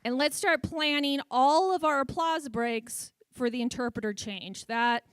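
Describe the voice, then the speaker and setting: A woman's voice: high voice, a little slow, a bit bright, clean tone. A woman in her forties who speaks with a stutter, giving a humorous talk to a luncheon audience. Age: 40s. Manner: speaks with a stutter, frequent sound repetitions. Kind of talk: public speech with humor. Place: event hall with audience.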